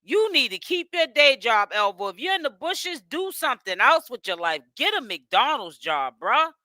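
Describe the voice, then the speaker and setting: A woman's voice: high voice, big pitch swings, moderate pace, pushed and bright, no echo. A woman giving blunt, mocking reaction commentary over a clip she is watching.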